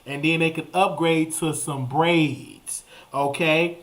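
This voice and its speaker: A man in his thirties hosts a live call-in show and talks straight to his listeners. His speaking voice sits a little high, and he. He keeps it animated, piling up repeated words and drawn-out exclamations. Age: 30s. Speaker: host. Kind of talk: casual live show monologue.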